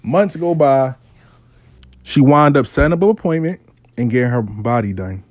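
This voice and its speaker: A man's voice: mid-range voice, normal speed, dry recording. A man telling a story in a casual, profane, streetwise way, speaking as host.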